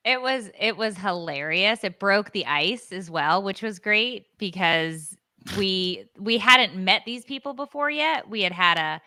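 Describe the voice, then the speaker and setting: A woman's voice: medium pitch, animated, a little slow, pushed and bright, no room sound, studio quality. A woman co-hosting a podcast in casual chat, upbeat and encouraging, laughing often. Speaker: podcast co-host.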